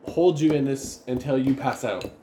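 A man's voice: mid-range voice, normal speed. A man playing a tabletop game, talking casually and brashly, swearing and calling out bold moves. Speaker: player. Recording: roomy echo, light background noise.

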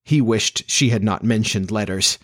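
A man narrating a children's classic as an audiobook in a measured, expressive storytelling manner. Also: lowish voice.

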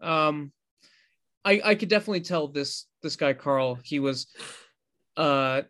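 A man's voice: fairly high pitch, a little slow, a bit bright. A man co-hosting a casual podcast chat, telling a story in a rambling, self-correcting way. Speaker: podcast co-host.

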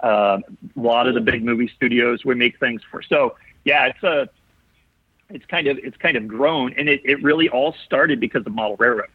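A man's voice: medium pitch, moderate pace, slightly rough, dry recording. A man in his forties from Ohio, a podcast guest who tells his stories eagerly, often restarting his sentences. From Ohio, USA. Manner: eager storytelling with frequent restarts. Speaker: podcast guest, model builder. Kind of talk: casual interview chat. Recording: tinny phone-like call audio.

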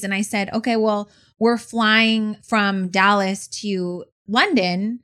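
A woman in casual conversation, telling a story from a family trip. She is lively and voices each person in the dialogue as she goes. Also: mid-range voice, measured pace, few pauses. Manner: lively, acts out dialogue with others. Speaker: co-host telling a travel story, a mother.

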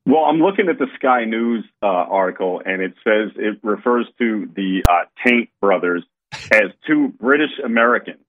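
A man calling in to a radio show, joking in a mocking, deadpan way. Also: fairly low pitch, moderate pace, phone-quality sound. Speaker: caller. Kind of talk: call-in chat.

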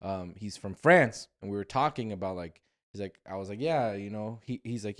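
A young man from Las Vegas hosting a casual podcast chat, telling travel stories with lively, swearing energy. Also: on the low side, normal speed. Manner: animated storyteller, swears freely. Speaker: podcast host.

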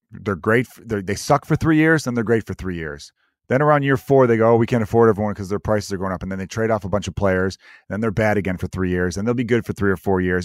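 A man hosting a solo sports podcast, rambling and opinionated, animated as he acts out other people's reactions. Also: on the low side, no echo, studio quality. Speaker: podcast host.

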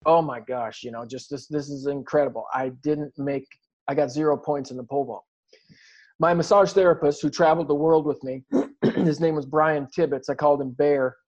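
A man's voice: on the high side, steady tone, normal speed, darkish tone. A man telling his story in an interview, earnest and reflective, often restarting his sentences. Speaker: guest athlete. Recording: dull lo-fi recording.

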